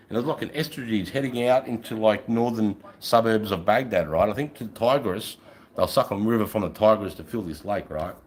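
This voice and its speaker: An Australian man, a middle-aged army veteran, telling war stories on a live stream in a casual, profane, animated way. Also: mid-range voice, rough recording. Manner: profane, animated, acts out voices. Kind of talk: casual storytelling.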